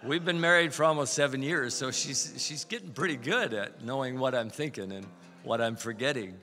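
A man's voice: mid-range voice, normal speed, bright, forceful tone, long reverb tail, faint music behind. A man in his seventies, a guest preacher giving a chatty, folksy, anecdotal sermon in a church. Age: 70s. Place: church sanctuary.

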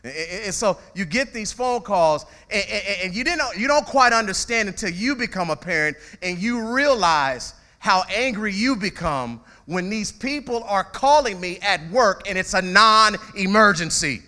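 Male pastor, bright and animated, high-ish voice, chatty preaching style with congregation call-outs. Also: moderate pace, few pauses. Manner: repeats words when starting phrases. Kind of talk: sermon.

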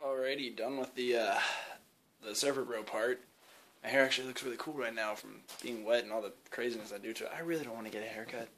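A young man casually rambling in a behind-the-scenes vlog, excited and full of fillers, on an indoor home video set. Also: mid-range voice, fast talker, slight background noise. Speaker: YouTube creator.

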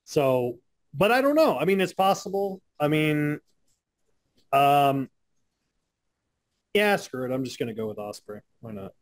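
Man, podcast co-host, casual chat, rambling, joking, high voice, lively pitch. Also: a little slow, long pauses. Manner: rambling, self-interrupting and joking.

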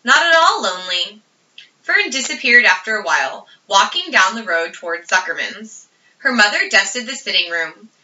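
A woman's voice: medium pitch, moderate pace. Woman reading a children's storybook aloud. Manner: steady, expressive narration. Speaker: audiobook reader. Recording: roomy, distant, dull audio.

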